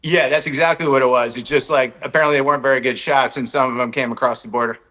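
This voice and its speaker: Man from the US, guest on a podcast, forceful bright tone, animated storytelling, filler-heavy asides. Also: mid-range voice, poor audio. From United States. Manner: rapid anecdote-telling with lots of "like" and "right?" asides.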